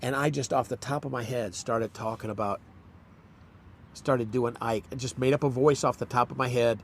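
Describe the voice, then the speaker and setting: An older actor in a casual chat, telling rambling anecdotes and acting out quotes. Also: male voice, mid-range voice, steady tone, normal speed, a little hiss or hum. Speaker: actor, guest.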